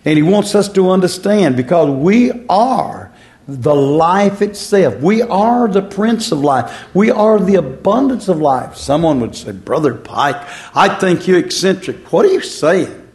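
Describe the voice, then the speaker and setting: A man's voice: high-pitched, big pitch swings, unhurried, a little mellow. A man preaching a sermon in a folksy, repetitive way, drawing out words for emphasis.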